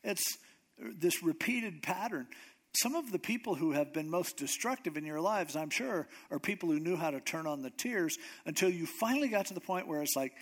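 A man's voice: fairly high pitch, animated, moderate pace. A man preaching a sermon in a conversational way, sometimes acting out the voices of the people he quotes. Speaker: pastor.

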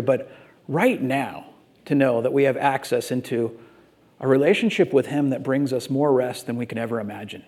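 Middle-aged guy preaching, chatty and animated, slightly high voice, acts out little voices. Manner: casual, animated storytelling with playful voices. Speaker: pastor. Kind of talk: sermon.

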